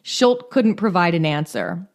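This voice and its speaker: A woman's voice: lowish voice, animated, unhurried. A woman co-hosting a podcast, reading case details in a casual true-crime storytelling style with joking, irreverent asides. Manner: reads case notes with joking asides and profanity. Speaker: podcast co-host.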